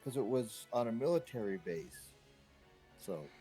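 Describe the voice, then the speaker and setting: A man's voice: medium pitch, very animated, unhurried, warm tone, faint music behind. A man chatting casually on a gaming stream, restarting his sentences and searching for words.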